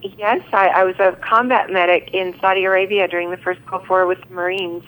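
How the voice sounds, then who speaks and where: A woman guest in a casual interview, who pauses and repeats words while she thinks, heard over a thin phone line. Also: fairly low pitch, steady tone, fairly bright tone.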